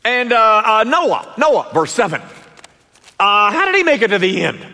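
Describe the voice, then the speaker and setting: A man's voice: high-pitched, moderate pace, big-room sound, voice pushed up, exaggerated voice. A man voicing an eager male questioner who stutters and trips over his words. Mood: eager, stammering. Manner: stuttering, hesitant, excited.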